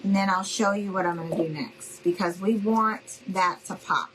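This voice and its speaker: A woman's voice: mid-range voice, steady tone, normal speed, slight background noise, low-quality recording. A middle-aged woman hosting a casual live crafting demo, chatty and friendly, calling her viewers y'all. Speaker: craft tutorial host.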